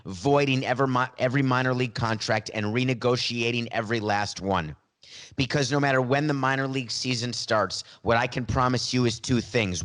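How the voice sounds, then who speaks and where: A man's voice: mid-range voice, a bit bright. A man talks into a studio podcast mic, emphatic and opinionated. His voice sits in an ordinary mid range. He breaks off now and then for wry asides about himself. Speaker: podcast host. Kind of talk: solo podcast monologue.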